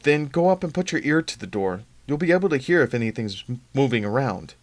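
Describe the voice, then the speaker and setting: A man reading aloud, voicing a nervous young man who speaks in quick, raised, stammering lines. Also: mid-range voice, animated, voice pushed up, close to an everyday voice. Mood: anxious.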